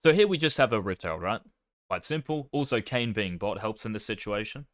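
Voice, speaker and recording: A man talks through his own gameplay in a casual coaching tone, tossing in swear words and jokes at his own expense. His voice sits on the lower side, recorded close and dry with no room sound. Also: expressive, a little fast, a bit bright, no echo. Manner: swears casually, self-deprecating. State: talking with his mouth full.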